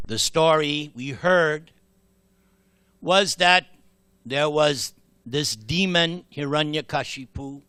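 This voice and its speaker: A man giving a temple sermon, telling a scripture story dramatically and slowly, with acted voices. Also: on the high side, sharp tone, no echo. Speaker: temple speaker.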